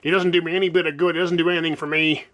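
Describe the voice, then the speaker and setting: A man's voice: fairly high pitch, little pitch movement, rapid-fire, fairly bright tone, lightly acted. A man voicing a snarky, floppy-armed male puppet host in a homemade comedy vlog, rambling and needling his producer with sarcastic jabs. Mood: scolding.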